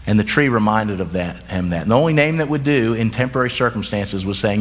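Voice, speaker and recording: With a lowish, expressive voice, a man gives a sermon as pastor, talking conversationally and peppering it with quick asides and self-corrections. He says he's tired.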